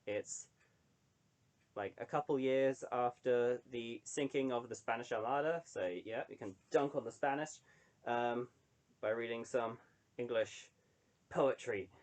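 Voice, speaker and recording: A man's voice: medium pitch, a little slow, a little mellow. A young adult man chatting casually to camera, rambling with lots of ums and wry asides. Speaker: online creator reading poetry.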